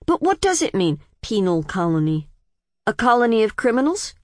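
A woman's voice: a little high, sing-song, moderate pace, dry recording, studio quality, voice pushed up. A woman voicing a curious, defiant young woman of twenty who keeps asking pointed questions. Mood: probing.

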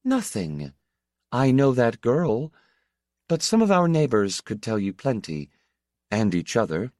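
A man voicing a weary, sharp-tongued middle-aged working mother who speaks bluntly and with exasperation, in a storybook reading. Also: mid-range voice, huge pitch swings, unhurried, no echo, studio quality, voice pushed up. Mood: exasperated.

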